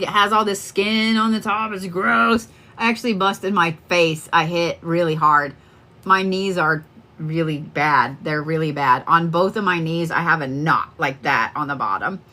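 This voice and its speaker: A middle-aged woman hosts a live stream as a psychic card reader, her mid-range voice pushed and bright. She's chatty and casual with viewers, rambling along and swearing freely.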